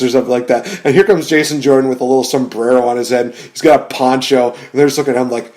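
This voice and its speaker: A man with an average-pitched voice talks casually on a podcast. He rambles in a relaxed way and fills his sentences with "you know" and "uh". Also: fast, hardly any pauses. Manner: relaxed, rambling, frequent fillers. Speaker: podcast co-host. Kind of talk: casual wrestling chat.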